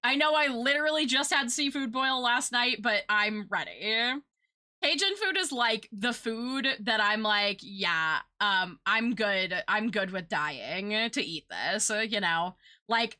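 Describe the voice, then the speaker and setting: A woman's voice: fairly high pitch, lively intonation, takes it slowly, sharp tone. A young woman streaming, chatting casually with her viewers in a rambling, talkative way and swearing now and then.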